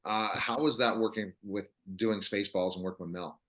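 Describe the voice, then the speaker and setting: A male interview host asking questions in a casual, halting way. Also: fairly low pitch, steady tone, a bit bright.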